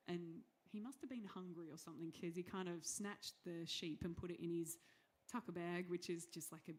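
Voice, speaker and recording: A young Australian woman talking to a live audience between songs, chatty and giggly with many ums. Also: lowish voice. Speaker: singer and performer leading a crowd. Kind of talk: casual stage banter with an audience.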